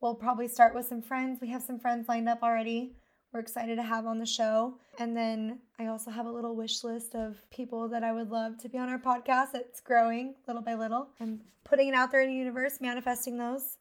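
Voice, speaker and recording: A woman's voice: a little high, level tone, brisk. A woman co-hosting a casual podcast with her husband, friendly and upbeat, laughing easily. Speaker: podcast co-host. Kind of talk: casual chat.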